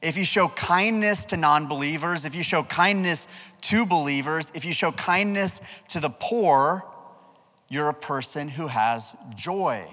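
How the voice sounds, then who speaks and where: Animated youth pastor in a reverberant hall. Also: male voice, a little high, normal speed. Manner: animated storytelling, asks the crowd questions. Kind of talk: youth sermon with personal story.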